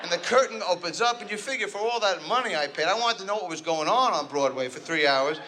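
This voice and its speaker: A man's voice: high-pitched, expressive, fast, bright, forceful tone. A man from New Jersey doing a neurotic, rambling, self-deprecating stand-up routine on stage. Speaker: stand-up comedian. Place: stage before a live audience.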